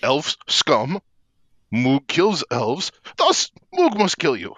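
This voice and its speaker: A man's voice: fairly high pitch, wildly swooping pitch, slow, a bit bright, husky, no room sound, heavily acted. A man voicing a murderous orc warrior who talks about himself in the third person with broken grammar. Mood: menacing. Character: brutish male orc warrior, murderous and blunt.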